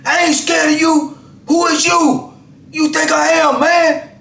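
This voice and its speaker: A man voicing a loud, scornful young male inmate who taunts and shouts back. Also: very high-pitched, fairly even intonation, measured pace, gravelly, voice pushed up, heavily acted. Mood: shouting defiant. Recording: roomy echo.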